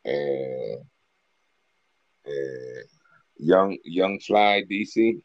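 A man's voice: a bass voice, animated, very slow, highs cut off. A man co-hosting a podcast, telling stories in a loose, profane, laughing way. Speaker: podcast co-host. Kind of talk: casual chat.

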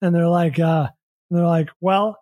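An American man, a podcast host, telling a long story in casual chat, rambling and repeating words, acting out quick quotes. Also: sits high, lively intonation, darkish tone, no room sound.

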